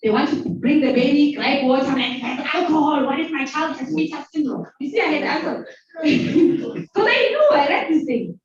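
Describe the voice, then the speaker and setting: A woman's voice: high-pitched, moderate pace. Give me a playful South African woman in her forties hosting a talk, heard from a distance with a dull, muffled sound. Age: 40s. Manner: animated, playful, acts out voices of others. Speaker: host. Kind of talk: storytelling talk to a live audience. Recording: very echoey hall from far off, dull sound.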